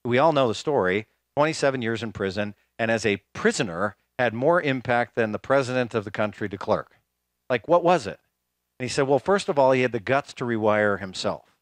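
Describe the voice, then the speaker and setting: A man's voice: medium pitch, fairly bright tone, no room sound. A man giving a conference keynote in a casual storytelling way, with many fillers and restarts. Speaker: speaker. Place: conference hall, live talk.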